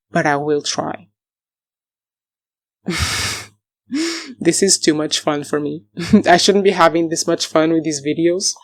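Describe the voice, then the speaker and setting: A woman with a slightly low voice chats through her reading pile in a casual book vlog. She is enthusiastic and laughs often, correcting herself mid-sentence as she goes. The sound is dry and close. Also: no room sound. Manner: rambling, self-correcting asides. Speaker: book vlogger.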